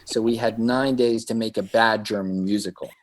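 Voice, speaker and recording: A man's voice: fairly low pitch, normal speed. A middle-aged man, a guest filmmaker, telling a long anecdote in casual chat and acting out the voices of the people he quotes. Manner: animated storyteller who acts out quoted voices.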